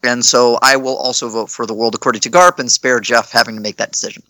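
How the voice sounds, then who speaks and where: A man's voice: mid-range voice, fairly even intonation, fast, bright, forceful tone, no echo. A man talking as a podcast panelist in casual chat, laughing often and restarting his sentences.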